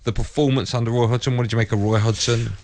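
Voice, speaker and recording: A man hosting a live radio talk show, pressing his guest with quick questions. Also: medium pitch, fairly even intonation, a little mellow, dry recording.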